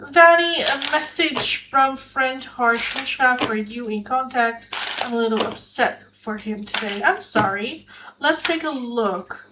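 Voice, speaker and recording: A woman's voice: high-pitched, a little slow, bright, forceful tone, a little hiss or hum, low-quality recording. A young adult woman hosting a live tarot stream, chatting candidly, swearing freely and laughing often. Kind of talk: casual live-stream chat.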